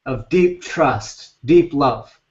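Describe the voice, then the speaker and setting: A man's voice: mid-range voice, lively intonation, drawn-out words, echoey room. A male relationship coach giving a live talk on a group call, blunt and emphatic with casual swearing. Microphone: video call. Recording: distant, dull lo-fi call audio.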